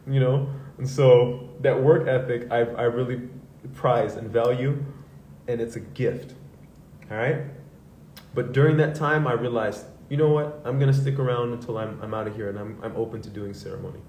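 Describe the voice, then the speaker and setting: A man's voice: mid-range voice, steady tone, normal speed, mellow, a little hiss or hum. Man telling a candid story in an echoey room. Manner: loose, conversational, swearing, acts out quoted voices. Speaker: host. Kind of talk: candid personal talk to a live audience. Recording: echoey room heard from a distance.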